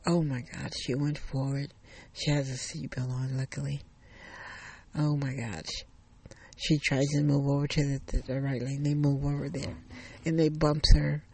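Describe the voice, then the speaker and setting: A man retelling a thriller story in a casual, halting way, often repeating phrases and restarting. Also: on the high side, little pitch movement, gravelly, darkish tone, slightly rough.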